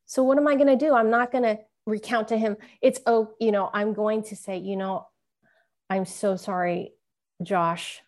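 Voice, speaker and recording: A woman's voice: fairly high pitch, steady tone, a little fast, hardly any pauses, darkish tone. A middle-aged woman, a guest, telling an emotional personal story in an earnest, tearful way.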